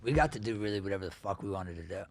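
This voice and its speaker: A man's voice: low voice, animated, rapid-fire, dry recording. A man co-hosting a podcast with his father, chiming in casually and swearing freely. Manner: laid-back, profane, chiming in. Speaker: podcast host, son.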